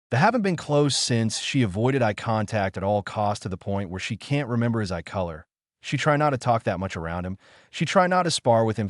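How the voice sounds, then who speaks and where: A man narrates a fan fiction story in a steady, even reading voice. His voice sits somewhat low. The recording is dry and close, with no room sound. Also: no echo.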